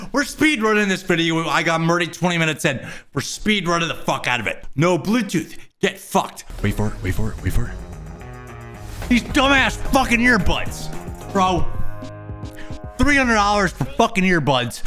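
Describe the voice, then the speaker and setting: A young man rants at full tilt, swearing constantly and sounding fed up. His voice sits a bit higher than most men's. He is the host of his own commentary video. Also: a bit bright. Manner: crude, fast, exasperated swearing. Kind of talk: profane ranting commentary.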